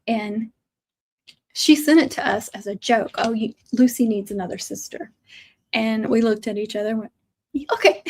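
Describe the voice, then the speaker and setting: A woman's voice: on the high side, gravelly, darkish tone. A middle-aged woman telling a long, chatty story on a casual livestream. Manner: chatty storytelling with laughs and asides. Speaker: craft channel host.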